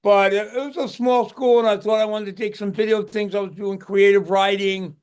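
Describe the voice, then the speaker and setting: Older guy with a high voice, chatty interview, keeps repeating and restarting words. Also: steady tone, a little fast, darkish tone, smooth. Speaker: guest musician. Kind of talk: casual interview storytelling.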